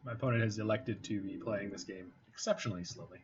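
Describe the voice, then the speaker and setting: A game streamer with a lowish voice talks fast as he gives casual commentary over a card game, thinking aloud in a wry, muttering way. His slightly dull home mic picks up faint noise.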